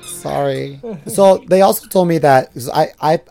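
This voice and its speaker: A man in his thirties, hoarse and nearly voiceless from a sore throat, joking campily as a podcast co-host. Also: fairly high pitch, moderate pace, over music. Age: 30s. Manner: campy, joking storyteller. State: hoarse, lost voice. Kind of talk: casual comedic chat.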